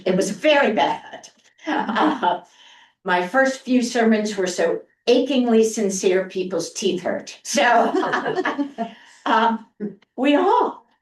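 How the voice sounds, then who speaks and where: A woman pastor teaching an adult Bible class, chatty and lively, reading scripture aloud with emphasis. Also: medium pitch. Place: church classroom. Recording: roomy, from far off the mic.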